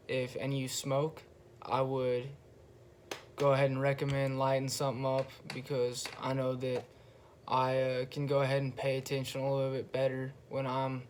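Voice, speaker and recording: A young man talks on his own in a laid-back, unhurried way, his voice staying flat and even with little rise or fall. A faint bed of room noise sits under him as he pauses and swears his way through a casual monologue. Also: medium pitch. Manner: slow, flat, relaxed delivery with pauses and frequent swearing. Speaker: podcast host.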